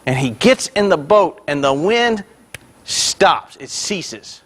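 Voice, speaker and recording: A male pastor preaching a sermon with energy, swelling loud on key points and dropping in joking asides to the congregation. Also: on the high side, expressive, takes it slowly, slightly rough.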